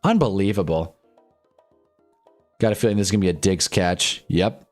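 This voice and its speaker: Speaking at normal speed in a low voice, this young livestream host reacts to a football game with wry exasperation. His fan commentary is loose and rambling, drifting into casual talk over faint background music.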